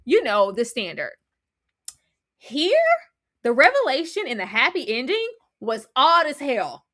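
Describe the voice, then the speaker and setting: A woman with a lively voice that swings far up and down as she reviews a film in casual chat. She acts out the characters' lines with sudden jumps in pitch. Her voice sits a little high. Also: measured pace, pauses often. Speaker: podcast co-host.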